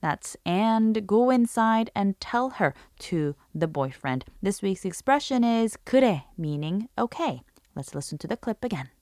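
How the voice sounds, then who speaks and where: A woman's voice: medium pitch, expressive, normal speed, darkish tone, dry recording. Woman hosting a language lesson, voice bouncing up and down a lot, acts out example lines, dry close sound. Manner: explanatory, demonstrates intonation with example phrases. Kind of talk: scripted radio-style lesson narration.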